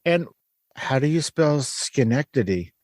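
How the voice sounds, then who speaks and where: A male podcast host with a mid-range voice, recorded close and dry with no room sound. He interviews casually and drops teasing jokes and quick asides. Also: medium pitch, animated, no echo.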